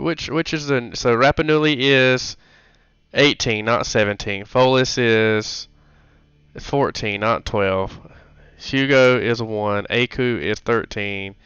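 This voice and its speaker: Gm guy stumbling through turn order, smooth voice, dry dull mic. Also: mid-range voice, fairly bright tone, dry recording. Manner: halting, self-correcting. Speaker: game master. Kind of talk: running a tabletop game.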